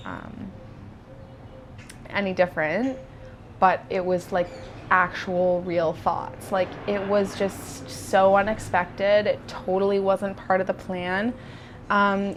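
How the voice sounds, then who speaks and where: A woman's voice: fairly low pitch, slight background noise. Chatty young woman telling a personal story. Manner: chatty, full of "like" and "um", restarts. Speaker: vlogger. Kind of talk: casual storytelling.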